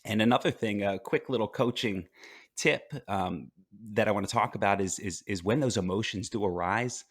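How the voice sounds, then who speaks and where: A reflective life coach speaks in a relaxed, unhurried way, pausing on fillers and restarting his thoughts. His voice sits very low in pitch, and the recording is close and dry, with no room sound. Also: no room sound. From United States. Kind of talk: conversational podcast interview.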